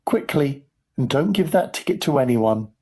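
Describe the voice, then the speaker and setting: A man's voice: medium pitch, animated, moderate pace, darkish tone, pitched above the performer's own voice, lightly acted. A kind, friendly shopkeeper in a storybook reading, voiced by a male narrator. He speaks a little above the narrator's usual tone, with an urgent, caring push.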